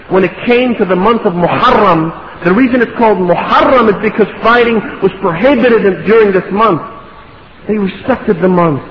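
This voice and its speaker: A man's voice: high-pitched, moderate pace. A man preaching a sermon, impassioned, building to pleading rhetorical questions. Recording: echoey hall, dull lo-fi sound.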